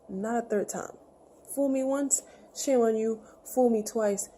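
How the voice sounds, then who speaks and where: A woman's voice: fairly high pitch, measured pace, warm tone, a little hiss or hum. A woman giving a casual, chatty recap of a TV episode, acting out the characters' lines as she retells scenes. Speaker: show review vlogger.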